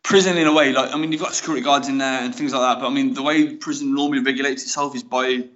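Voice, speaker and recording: A man's voice: mid-range voice, fairly even intonation, rapid-fire, a bit bright. A young man with a Black Country accent, telling his story frankly and casually as a guest in a podcast interview. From West Midlands, England. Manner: chatty and frank, with many fillers like "mate" and "you know". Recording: slightly dull lo-fi audio.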